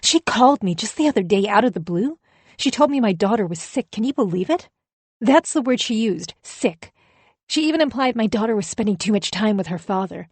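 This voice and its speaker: A woman voicing an aggrieved, self-righteous middle-aged ex-wife in an audiobook, talking emphatically and higher than her narration. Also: breathy edge, no echo.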